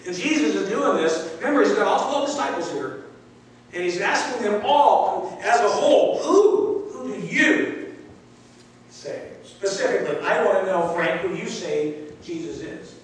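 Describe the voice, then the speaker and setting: A male pastor preaching a sermon, stressing key words and repeating phrases with pauses. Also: sits high, expressive, recorded from a distance. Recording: echoey room, heard from afar.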